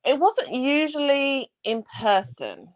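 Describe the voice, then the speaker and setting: A woman's voice: sits high, lively intonation, slow pace. A woman with a South London accent in a blunt, profane casual chat, mimicking others as she talks. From England. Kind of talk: casual live-stream chat.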